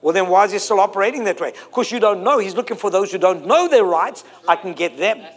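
A man's voice: sits high, lively intonation, fast talker. A man, preaching a sermon to a congregation, emphatic and fond of repeating and stretching key phrases. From South Africa.

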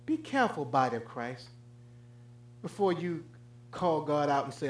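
Male pastor, high voice, dynamic sermon delivery from hushed to loud, echoey room. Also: sing-song, moderate pace, long pauses. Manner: swings from loud high preaching to low hushed tones.

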